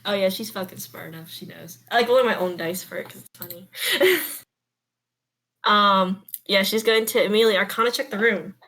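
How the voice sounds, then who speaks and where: A woman's voice: medium pitch, a little fast, a bit bright. A woman running a tabletop game as game master, chatty and giggly, swearing freely as she narrates.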